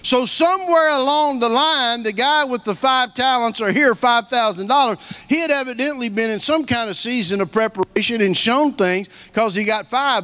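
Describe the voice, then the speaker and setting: High-voiced man preaching a folksy sermon. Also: fairly bright tone. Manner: storytelling, folksy, repeats key phrases for emphasis. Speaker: guest preacher.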